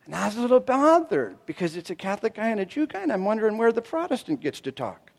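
A middle-aged man preaching a sermon as a pastor, telling stories with animated delivery and acting out the voices of the people he quotes. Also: high-pitched, quick pace, vocal fry. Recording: long reverb of a large hall.

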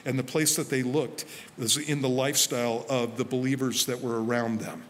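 A man preaching a sermon as pastor, telling personal stories in a relaxed conversational way. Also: mid-range voice, normal speed. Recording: faint hall reverb with light noise.

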